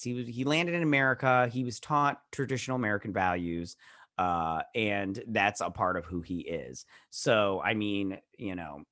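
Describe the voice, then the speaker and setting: A man's voice: fairly low pitch, fairly bright tone, dry recording, studio quality. A man hosting a show, giving a chatty, opinionated recap of a TV episode with many fillers and asides. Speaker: show host and TV reviewer.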